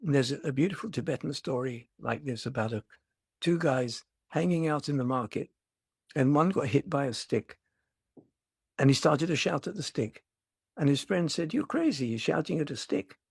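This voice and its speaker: An older man, a meditation teacher, giving a reflective dharma talk with gentle humor and storytelling. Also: mid-range voice, normal speed, creaky, breathy edge, dry recording, clean studio sound.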